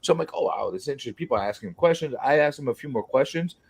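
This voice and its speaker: Male host, casual and profane, animated storyteller, slightly high voice. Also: rapid-fire, vocal fry. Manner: heated, profane storytelling with mocking re-enactments. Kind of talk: casual chat.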